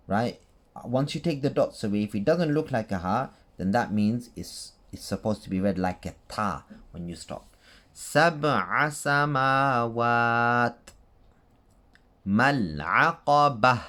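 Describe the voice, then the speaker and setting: A man explains recitation rules in a relaxed tutorial voice. He is patient and goes over each point more than once, checking in with his listener as he goes. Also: medium pitch. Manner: patient, repeats points with frequent "okay?" and "right?" checks. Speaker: Quran recitation teacher.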